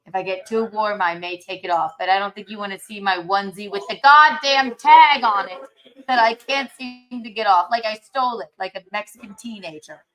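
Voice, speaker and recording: A woman's voice: mid-range voice, a little fast, fairly bright tone, rough recording. A woman hosting a casual livestream while she cooks, chatty and brash, gossiping and swearing freely. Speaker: livestream host.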